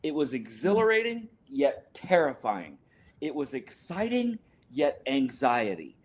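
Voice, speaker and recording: An older man's medium-pitched voice swings widely in pitch as he unhurriedly tells a personal story in a podcast interview. He's there as a guest, a sports scientist and author, speaking with earnest emotion and correcting himself from time to time.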